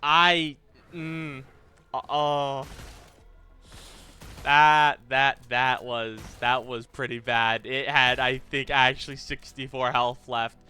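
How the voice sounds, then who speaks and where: Male streamer, mid-pitched and bright, muttering and cursing as he plays. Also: steady tone, takes it slowly, smooth, faint music behind. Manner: thinks aloud, stammers and repeats himself, swears when frustrated. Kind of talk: live gaming commentary.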